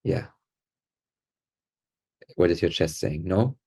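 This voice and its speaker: Man with a very low, gravelly voice; gentle, patient guide who repeats soft affirmations. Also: slow pace. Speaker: podcast co-host guiding an emotional release exercise. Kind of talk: calm guided facilitation.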